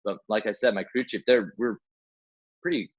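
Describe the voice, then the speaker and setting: A young man with a fairly low voice tells a war-story-style rescue tale in a relaxed interview. He acts out each exchange and sprinkles in "like" and "man" as he goes. The audio is dull and muffled. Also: normal speed. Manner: animated, acts out quoted dialogue, many fillers like "like" and "man". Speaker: guest, helicopter rescue swimmer.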